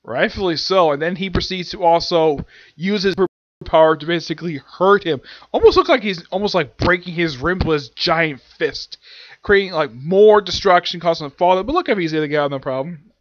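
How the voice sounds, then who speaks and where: A man's voice: fairly high pitch, lively intonation, fairly quick, no echo. A man casually recapping anime episodes in a rambling way, with lots of fillers and restarts. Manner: rambling, filler-heavy retelling. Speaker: anime reviewer. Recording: dull lo-fi dry sound.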